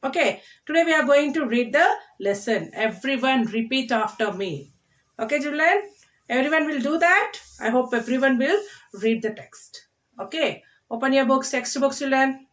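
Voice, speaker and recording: A woman's voice: on the high side, expressive. A woman teaching a class to children, drilling words letter by letter and reading a lesson aloud with a coaxing tone. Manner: drills words slowly, spells them letter by letter; coaxing, asks "okay, children?" often.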